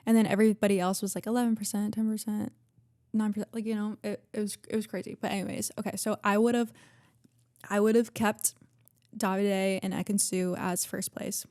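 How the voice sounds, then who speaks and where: A woman's voice: mid-range voice, steady tone, normal speed, no echo, studio quality. A young woman hosting a podcast in casual chat, gushing and chatty with lots of fillers and swearing. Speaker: podcast host.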